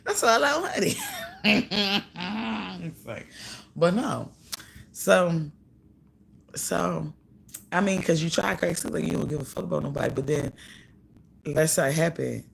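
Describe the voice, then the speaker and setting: A woman's voice: low voice, measured pace, creaky, pauses often, a little hiss or hum. A woman telling a story in a casual, profane rant, giggling and mimicking what others said. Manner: profane, giggly, animated retelling with mimicked dialogue. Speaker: vlogger.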